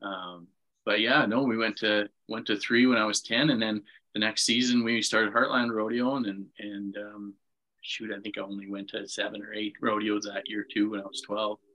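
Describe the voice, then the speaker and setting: A man in his thirties from Manitoba, a retiring bull rider and podcast guest, telling his story in a plain, modest, steady way. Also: on the low side, normal speed, poor audio. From Manitoba, Canada.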